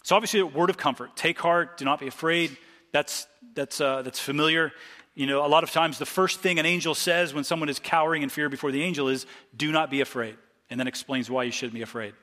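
A man's voice: on the high side, fairly even intonation, fast talker, bright, forceful tone, long reverb tail. A male pastor from Ohio giving a conversational expository sermon, stopping often to restart his sentences and reading scripture aloud. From Ohio, USA.

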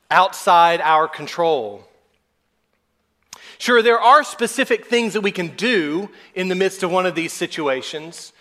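A man in his thirties, a pastor preaching a measured, earnest sermon. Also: sits high, sharp tone. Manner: measured, earnest preaching with brief put-on whiny quotes.

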